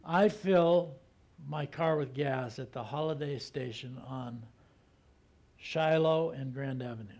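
A man giving a sermon in a conversational, storytelling manner, often acting out the people in his stories and sometimes slowing to a soft, hushed voice for emphasis. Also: medium pitch. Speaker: pastor.

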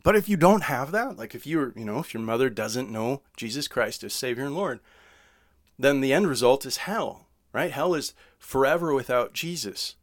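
A man preaching a sermon. He reads scripture slowly, then explains it in casual words with frequent "right?" asides. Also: medium pitch, animated, no room sound, clean studio sound. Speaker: pastor.

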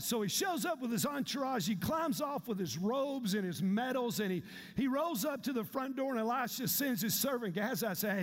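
A male pastor, preaching an animated, humorous sermon. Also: very high-pitched, normal speed, in a large hall. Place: church sanctuary.

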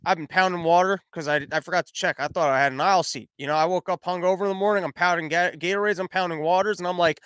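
A man's voice: high-pitched, steady tone, quick pace, hardly any pauses, a bit bright, clean tone, no room sound. A man telling a rambling comic story, full of stammered restarts. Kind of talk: comedic storytelling monologue.

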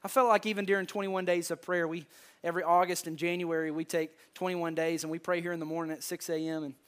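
A man's voice: fairly high pitch, flat delivery, quick pace, clean tone. A man with a Southern American accent, preaching a conversational sermon to his congregation, often repeating words and asking the room questions. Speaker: pastor. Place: church sanctuary.

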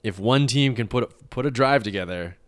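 Give me a young man with a smooth, resonant voice, chatting crudely on a podcast and acting out what people said. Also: medium pitch, brisk, no echo. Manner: crude storytelling, acts out dialogue. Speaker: podcast co-host. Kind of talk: casual chat.

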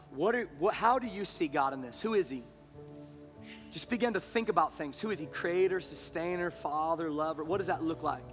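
A man in his thirties preaching to a congregation, his fairly high voice rising to emphatic peaks and then falling to near-whispered prayer. Soft music plays faintly beneath his sermon in the church sanctuary. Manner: swings between loud preaching and hushed prayer. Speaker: pastor.

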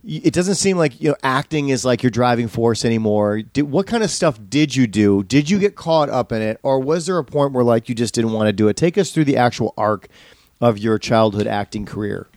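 A middle-aged man from the Midwest talks fast and loosely as a podcast host, circling back over his words. The recording is dry and close, with no room sound. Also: mid-range voice, expressive, a little mellow, dry recording. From Milwaukee area, US Midwest. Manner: rambling, with many restarts. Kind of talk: casual chat.

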